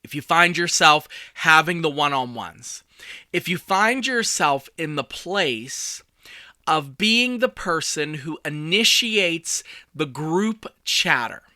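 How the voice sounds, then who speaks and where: A man in his forties coaching listeners on his own podcast, talking casually and telling stories with self-deprecating asides. His voice is very bright and a little high for a man. The recording is dry and close, with no room sound. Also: lively intonation, slow pace, no room sound. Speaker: communication coach and podcast host. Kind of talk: casual solo podcast talk.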